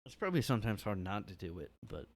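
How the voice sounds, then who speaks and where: A man's voice: fairly low pitch, big pitch swings, fast. A man hosting a casual solo podcast from his room, rambling and hesitant, full of "like". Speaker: podcast host.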